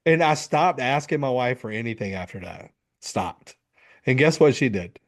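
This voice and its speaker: At a moderate pace and in a mid-range voice, a middle-aged men's coach relates a story for an interview. He's animated, voicing what people said and swearing liberally.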